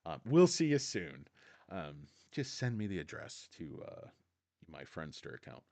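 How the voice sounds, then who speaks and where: A man's voice: deep voice, sing-song, a little slow, creaky, dark tone, dry recording. A man hosting a casual stock livestream, rambling, sarcastic and crude, dropping to mutters and jumping to outbursts. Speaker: stock streamer host.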